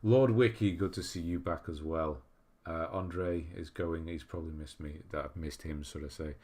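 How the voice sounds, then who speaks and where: A man's voice: extremely low pitch, fairly even intonation, moderate pace, darkish tone. A man from England hosting a livestream in a casual, chatty way, reading viewer messages aloud and laughing at himself. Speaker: livestream host reading chat.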